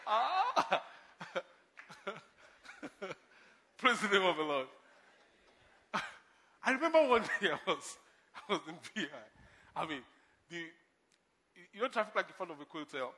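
A man preaching with a bright, high voice. He swings from loud, forceful emphasis to soft asides and laughs at his own stories. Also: sing-song, moderate pace, pauses often. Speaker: pastor. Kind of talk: sermon.

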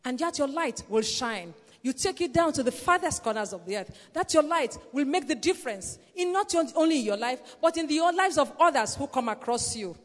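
Woman preacher, high voice, earnest and insistent, repeats her points; church hall with long echo. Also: animated, moderate pace, few pauses. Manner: earnest, repetitive exhortation with "Praise the Lord" interjections. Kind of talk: sermon.

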